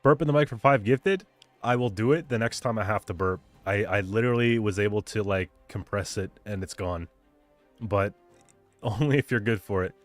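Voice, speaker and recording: A man's voice: fairly low pitch, normal speed, faint music behind. A man live-streaming a card game at home on a desk mic, hyped and rambling as he chats with viewers. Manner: hyped, rambling, chatting with viewers while playing. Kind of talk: casual live-stream chat.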